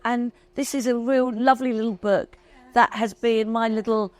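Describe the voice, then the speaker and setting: Her voice sits on the high side with fairly even intonation and a moderate pace. She's a woman in her fifties, a guest in a candid interview, being chatty, self-mocking, and emotional.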